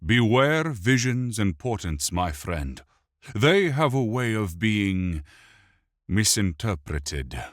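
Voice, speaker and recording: A haughty elf prince regent snaps his words with cold pride and anger, as a male narrator acts him out. The voice rides a little above the narrator's deep tone. It is an audiobook reading in a dead, dry room. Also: big pitch swings, slow, no echo. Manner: haughty, sharp, spitting anger. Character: proud, grieving elf prince regent, furious.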